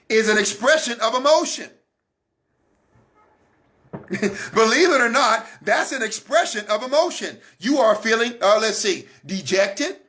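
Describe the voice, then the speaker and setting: A man's voice: very high voice, expressive, measured pace, bright, forceful tone. A man giving a Christian teaching talk, emphatic and repetitive, coaching his listeners directly. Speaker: broadcast minister.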